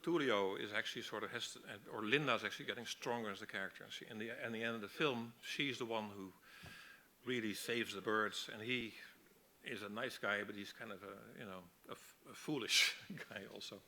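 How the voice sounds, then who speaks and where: A man teaching a masterclass on storyboarding, explaining in a relaxed way with frequent restarts. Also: on the low side, fairly quick, a little hiss or hum. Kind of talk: lecture on storyboarding.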